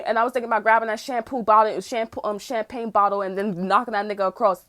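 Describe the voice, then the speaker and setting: A woman's voice: fairly even intonation, very fast, few pauses. A woman telling a story in a casual, heated rant, swearing often and acting out what other people said. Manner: profane, swings between loud outbursts and low mutters; acts out other people's lines mid-story. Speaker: tarot channel host.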